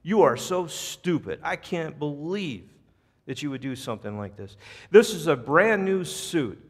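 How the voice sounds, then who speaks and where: A man's voice: a little high, lively intonation, unhurried, husky. A man playing an enraged restaurant customer who screams and repeats himself indignantly, in a reverberant church. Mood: furious shouting.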